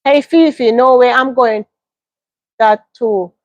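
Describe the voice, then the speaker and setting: High-voiced woman, dry sound. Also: slow, darkish tone, dry recording, muffled recording. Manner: emphatic, repeats phrases for stress. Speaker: livestream host. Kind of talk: casual advice monologue.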